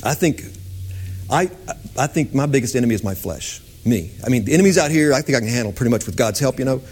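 A man preaching a sermon, animated, swinging between high excited exclamations and low hushed tones. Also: fast talker, husky. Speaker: pastor.

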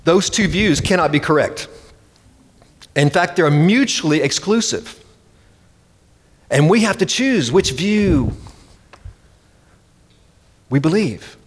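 A man's voice: on the high side, expressive, slow, long pauses, breathy edge. A man preaching a sermon with emphatic delivery, acting out the voices he quotes. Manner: emphatic, dramatic quoting. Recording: long reverb hall.

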